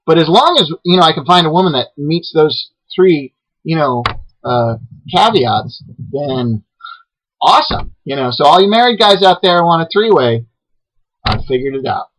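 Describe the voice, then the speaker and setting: Guy doing a deadpan comedy rant, kinda high voice, keeps tripping over his words. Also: moderate pace, slight background noise, poor audio. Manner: rambling, hesitant, lots of restarts. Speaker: web show host.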